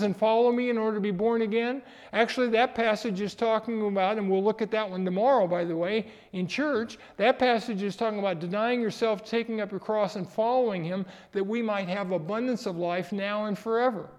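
A middle-aged male pastor preaching a sermon with a notably high, bright-pitched voice. He is emphatic, pushing up in pitch and volume on key points and chuckling now and then. The sound carries a long hall reverb.

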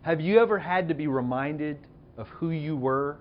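A man's voice: on the high side, normal speed, muffled recording. A man in his thirties who pastors a church, telling a personal story in a conversational, self-deprecating sermon and asking the audience questions.

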